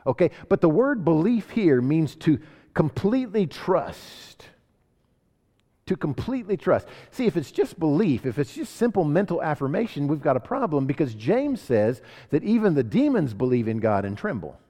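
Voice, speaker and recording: Male pastor preaching, lively pitch. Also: moderate pace. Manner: preaching with rising emphasis and rhetorical questions. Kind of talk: sermon. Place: church sanctuary. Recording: long hall reverb.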